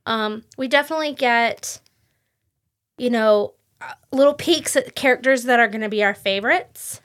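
A fairly high-voiced woman co-hosting a podcast in casual book chat. She rambles cheerfully and laughs often. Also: moderate pace, fairly bright tone. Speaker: podcast co-host.

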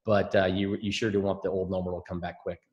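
A fast-talking man in his sixties, a podcast guest who tells relaxed, rambling stories full of fillers. His voice sits low, and the room around him rings with echo. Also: highs cut off. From Scotland. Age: 60s. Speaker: podcast guest, former soccer coach. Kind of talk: casual interview chat. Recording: echoey room.

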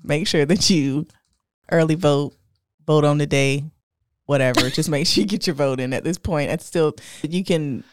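A woman hosting a podcast in casual chat, chatty and quick to laugh. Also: low-pitched, noisy background. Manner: laughs often, chatty and excited. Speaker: podcast host.

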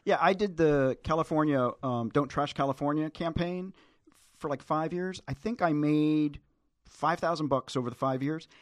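A man's voice: fairly high pitch, normal speed, dry recording. A man hosting a casual podcast conversation, easygoing and asking probing questions. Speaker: podcast host.

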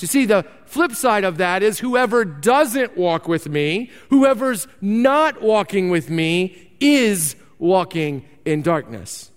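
A man preaching a sermon, reading scripture and then telling animated stories with emphatic repetition. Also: high-pitched, slow, hardly any pauses, clean tone, long reverb tail. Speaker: pastor.

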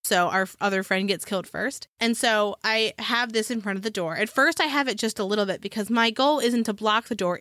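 A woman co-hosting a podcast, telling a long story in a rambling, animated way, full of fillers and laughs. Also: medium pitch, no echo, studio quality. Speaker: podcast co-host. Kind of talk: casual chat.

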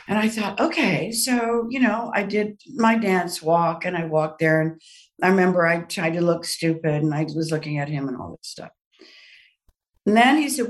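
An older woman as a podcast guest, telling an animated personal anecdote with laughs and quoted voices. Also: fairly low pitch, moderate pace, recorded from a distance. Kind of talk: storytelling in a podcast interview.

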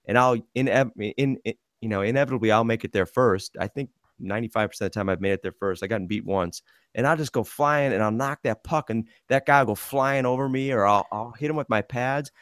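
A man's voice: medium pitch, brisk, a bit bright, dry recording, clean studio sound. A man hosting a casual sports podcast, telling rambling stories about playing goalie in a hockey league and laughing as he goes. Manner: rambling storyteller, laughs through his anecdotes.

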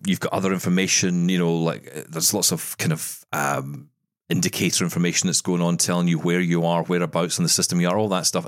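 A man's voice: sits low, no echo, clean studio sound. A man co-hosting a podcast, chatting casually and telling stories with jokey asides. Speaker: podcast co-host. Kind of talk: casual chat.

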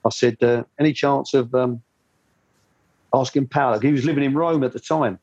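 A man's voice: mid-range voice, steady tone, moderate pace, a little mellow, breathy edge, no room sound, highs cut off. An older man, a former football coach, telling rambling anecdotes with lots of fillers in an interview. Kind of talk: storytelling interview.

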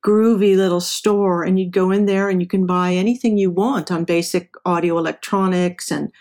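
A woman's voice: on the low side, fairly even intonation, normal speed, darkish tone. A middle-aged woman from Southern California, telling stories from her career as an interview guest. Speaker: interview guest, engineer and professor. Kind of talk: casual storytelling.

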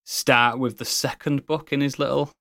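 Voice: mid-range voice, steady tone, normal speed, fairly bright tone, no room sound, studio quality. Blunt, swearing voice in casual chat. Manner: blunt, laughs and swears freely. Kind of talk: casual film discussion.

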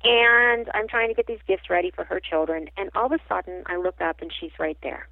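A woman working as a psychic medium, telling a personal story in an animated, halting way with frequent restarts. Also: on the low side, vocal fry, no echo. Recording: tinny phone-line sound, dry.

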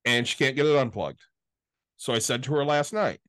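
A man co-hosting a podcast, venting quickly and profanely about family obligations in casual chat. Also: medium pitch, fairly bright tone, no room sound, clean studio sound. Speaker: podcast co-host.

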